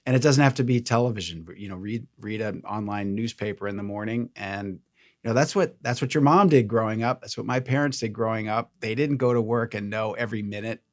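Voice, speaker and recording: A man hosting a podcast, giving measured advice and recapping his guest's points. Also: lowish voice, no room sound, clean studio sound. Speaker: podcast host. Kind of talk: interview reply and narrated recap.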